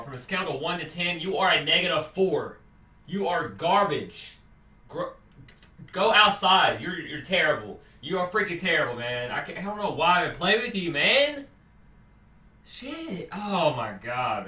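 A young man in a comedy skit, brashly trash-talking over game voice chat and swinging between yelling and mumbling. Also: on the high side, recorded from a distance. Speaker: gamer. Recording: roomy echo, voice set back from the mic.

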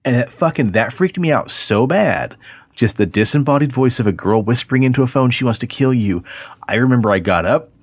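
A man co-hosting a paranormal podcast, telling stories in a profane, animated way. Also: mid-range voice, a little fast, breathy edge, no room sound. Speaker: podcast co-host. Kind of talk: casual chat.

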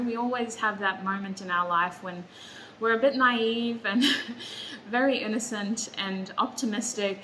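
Woman tarot reader, emotional, affirming, clear bright voice, faint room noise. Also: mid-range voice, rough recording. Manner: warm, emotional and reassuring, near tears. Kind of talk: pick-a-card tarot reading.

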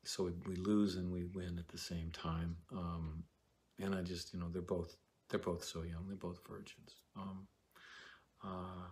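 A man giving a casual Shakespeare lecture, rambling and halting with many fillers and restarts. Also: sits low, flat delivery, darkish tone.

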